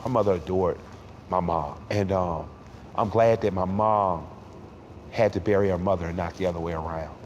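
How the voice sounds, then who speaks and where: A man's voice: deep voice, normal speed, darkish tone, in a large hall, lo-fi sound. A man in his forties talks in an interview, heartfelt and reflective. He stumbles over repeated words when emotion rises, and tears sometimes come into his voice. A faint background hiss sits under the recording. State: tearful at times. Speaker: interview guest, rapper.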